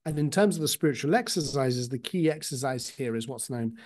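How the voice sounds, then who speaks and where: A man's voice: medium pitch, lively intonation, a little fast, a little mellow. A man speaking as an author guest in an interview, explaining ideas thoughtfully with frequent hesitations and restarts. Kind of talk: reflective explanation. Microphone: video call.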